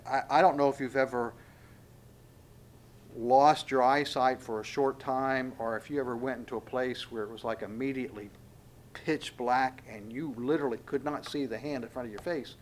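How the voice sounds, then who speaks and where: Halting man preaching a sermon. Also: mid-range voice, fairly even intonation, slight background noise. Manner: halting, many fillers, acts out dialogue. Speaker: pastor.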